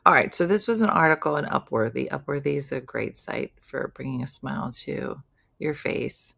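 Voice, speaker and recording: A woman's voice: extremely low pitch, normal speed, gravelly, a bit bright. A woman hosting a comedy morning show, chatting playfully and joking about how people mispronounce words. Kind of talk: casual comedy chat.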